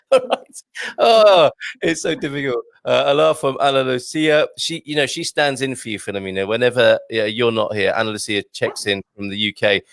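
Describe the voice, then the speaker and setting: A man's voice: mid-range voice, moderate pace, gravelly, fairly bright tone, no echo. Chatty man hosting, dry close sound. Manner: chatty, laughs often, stumbles over Portuguese words. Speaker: host. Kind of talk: casual chat show.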